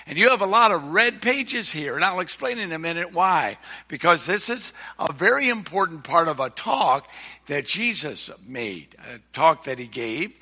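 A man's voice: on the high side, very animated, normal speed, pushed and bright, breathy edge. An older man preaching a sermon in a church, folksy and earnest, with rising emphasis. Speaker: visiting preacher. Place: church sanctuary. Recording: echoey hall with long reverb.

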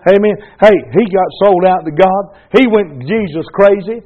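With a high voice, a pastor gives his church a folksy, fervent sermon at a moderate pace, using loose colloquial grammar and calls of "Amen." The recording sounds dull and lo-fi.

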